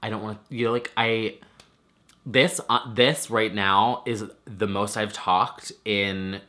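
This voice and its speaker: Chatty nasal young man, bright tone. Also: lowish voice, fairly even intonation, takes it slowly. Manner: chatty, swears a lot, many "like" fillers. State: recovering from a swollen throat. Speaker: vlogger. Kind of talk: casual chat.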